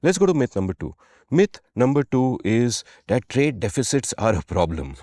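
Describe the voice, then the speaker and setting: A man's voice: medium pitch, sing-song, normal speed, mellow, no echo, studio quality. A man with an Indian English accent co-hosting a podcast, explaining economics in an emphatic, punchy, conversational way. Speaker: podcast co-host. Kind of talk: casual economics discussion.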